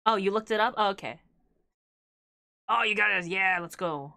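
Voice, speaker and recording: A woman's voice: medium pitch, normal speed, gravelly, pushed and bright, no echo, studio quality. A young woman streaming a game, chatting casually with viewers, laughing often between filler-heavy remarks. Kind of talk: casual live-stream chat while gaming.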